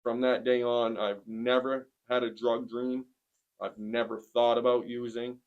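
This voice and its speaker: A man in his forties tells a hard personal story in plain, earnest words. His voice sits at an ordinary middle pitch, and he often pauses with a soft "um" before going on. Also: little pitch movement, highs cut off. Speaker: interviewee sharing a testimony. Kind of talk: personal testimony in conversation.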